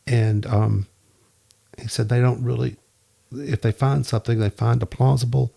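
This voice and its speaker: With vocal fry and a slightly rough edge, a man's mid-range voice moves at a moderate pace as he tells stories as a podcast guest. It's a casual interview, and he animates quoted dialogue by doing the speakers' voices.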